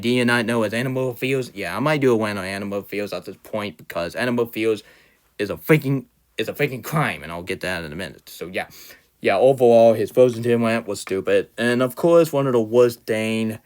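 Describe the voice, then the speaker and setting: A young man ranting off the cuff with a middle-pitched voice, heated and insulting toward the person he criticizes. He often stumbles, repeats words and restarts his sentences. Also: clean tone. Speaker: fan ranter. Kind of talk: unscripted ranting commentary.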